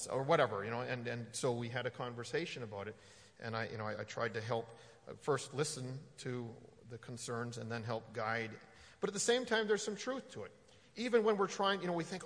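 A man giving a conversational sermon as a pastor, halting often with fillers and restarts. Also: mid-range voice, fairly bright tone, long reverb tail.

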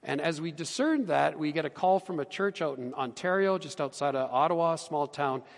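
A middle-aged man, a pastor, preaching a sermon with earnest emphasis that drops to hushed tones. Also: fairly high pitch, lively intonation, a little fast, gravelly, in a large hall. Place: church sanctuary.

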